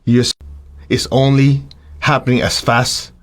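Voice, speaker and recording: Speaking at a measured pace, a man guides students through spiritual practice with lively, conversational energy. He keeps breaking into little performed voices, both his students' and his own, some pitched high and exaggerated. Then he eases back into a calm tone in the middle of his range.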